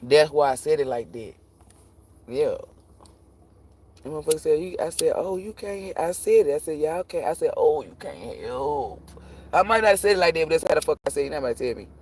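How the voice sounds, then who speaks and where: A man reading tarot on a live stream, ranting casually and profanely, rambling and cutting himself off, jumping between loud bursts and low muttering. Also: quick pace, slight background noise. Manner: profane, rambling, self-interrupting; animated, jumps between shouting and muttering.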